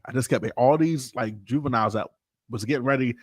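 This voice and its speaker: A man and pastor telling a personal story casually, animated and informal, acting out the people he quotes. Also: mid-range voice, brisk, slightly rough, no room sound, studio quality.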